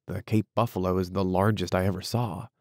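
A man's voice: deep voice, fairly even intonation, fairly quick, no echo, studio quality, lightly acted. A man voicing a composed young hunter in an audiobook, polite and inquiring, slightly lifted. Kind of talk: audiobook character reading.

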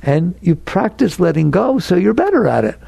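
A man giving an inspirational talk as a spiritual teacher, animated and acting out anxious inner voices. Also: sits high, moderate pace, vocal fry, slightly rough, dry recording.

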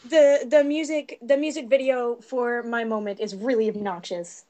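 A woman in a casual group chat, speaking in a gentle, earnest way. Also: on the high side, steady tone, moderate pace.

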